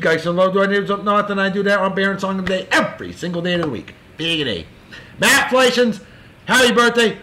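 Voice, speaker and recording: A man hosting a casual show, giving boisterous, jokey birthday shout-outs in a folksy way. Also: sits high, lively intonation, brisk, a little hiss or hum. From California. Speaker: show host.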